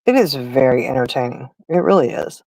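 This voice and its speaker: A woman's voice: very deep voice, animated, a little fast, warm tone, dry recording, poor audio. A middle-aged woman hosting a livestream and chatting casually, telling stories straight to her viewers. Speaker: livestream host. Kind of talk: casual chat.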